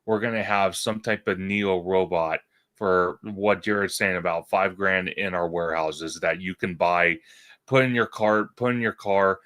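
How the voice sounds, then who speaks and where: A man's voice: low voice, fairly even intonation, unhurried, fairly bright tone, dry recording, clean studio sound. A man co-hosting a casual livestream chat, agreeing emphatically and stumbling over his words. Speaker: podcast co-host.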